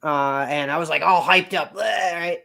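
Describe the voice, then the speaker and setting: A man's voice: fairly high pitch, moderate pace, vocal fry, sharp tone. Rambling, swearing man in his thirties. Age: 30s. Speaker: podcast guest. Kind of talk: casual storytelling.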